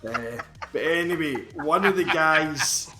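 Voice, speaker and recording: A man's voice: on the high side, measured pace, roomy sound. A man co-hosting a film podcast, chatting casually and laughing often. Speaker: podcast co-host.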